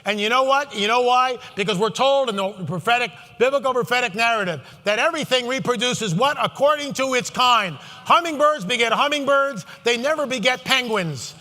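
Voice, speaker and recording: A man giving a live Christian prophecy talk to an audience, sarcastic and animated, full of rhetorical questions. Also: very high-pitched, brisk, hardly any pauses. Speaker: conference speaker. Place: large hall. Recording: long hall reverb.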